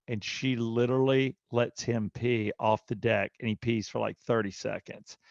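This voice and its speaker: A podcast co-host tells a casual story, animatedly acting out its people with different voices. His mid-range voice is creaky and moderately paced, captured in a dry, lo-fi recording.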